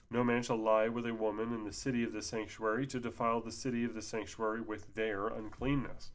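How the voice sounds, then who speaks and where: Man, mid-pitched voice, reads texts aloud, sarcastic jabs, a bit sleepy. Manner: sarcastic, mocking asides. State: sleepy, yawning. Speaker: commentator. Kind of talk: reading aloud with commentary.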